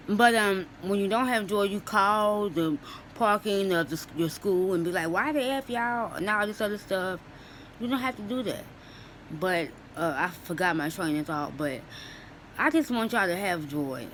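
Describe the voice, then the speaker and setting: A woman's voice: medium pitch, a bit bright, slight background noise, poor audio. A young woman and student, tearful, giving an earnest Christian encouragement and testimony in casual talk, repeating her phrases. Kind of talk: casual spoken testimony to camera.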